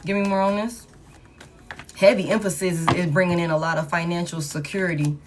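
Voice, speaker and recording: A woman's voice: on the low side, steady tone, brisk, background noise. A woman giving a casual tarot reading in a repetitive, emphatic, slangy pep-talk manner. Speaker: tarot reader.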